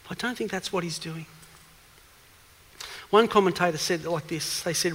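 A man with a high, fairly bright voice preaches an evening sermon at normal speed, pausing often. He asks questions and drives his points home emphatically, building in force, all captured in a church hall with long reverb.

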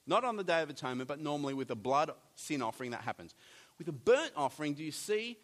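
A man preaching a sermon, animated, with jokey asides and big swings between loud and soft. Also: on the high side, fast talker. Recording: long hall reverb.

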